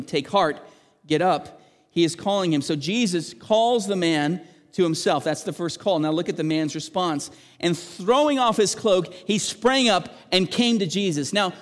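Earnest preacher man in a reverberant hall. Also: on the high side. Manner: earnest, animated preaching that rises for quoted cries. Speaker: pastor. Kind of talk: sermon.

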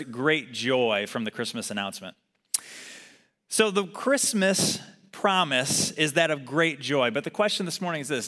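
A man's voice: a little high, pushed and bright. A man preaching a sermon in a conversational way, asking the congregation to repeat words after him. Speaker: pastor. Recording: long hall reverb.

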